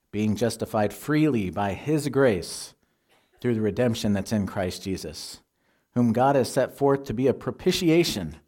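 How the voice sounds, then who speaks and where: A man preaching a sermon, teaching in a measured, earnest way and quoting scripture. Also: fairly low pitch, dark tone.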